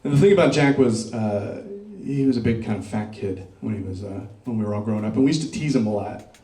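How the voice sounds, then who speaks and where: Talking fast in a lowish voice, a middle-aged comic works the crowd during his stand-up set, landing dark punchlines deadpan while the club audience laughs. The audio is roomy and distant-miked.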